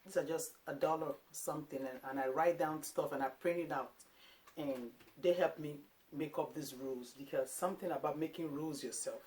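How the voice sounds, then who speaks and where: A woman in her thirties from Africa, a parenting vlogger talking casually to camera, lively and quick to act out little quotes. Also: deep voice. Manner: animated, acts out quotes of herself and her sons.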